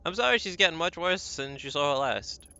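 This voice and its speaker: A man's voice: on the high side, animated, a little fast, gravelly, bright, forceful tone, smooth. A man streaming a horror game, joking around, laughing at himself and stammering playfully. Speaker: gaming streamer. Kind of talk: let's-play commentary.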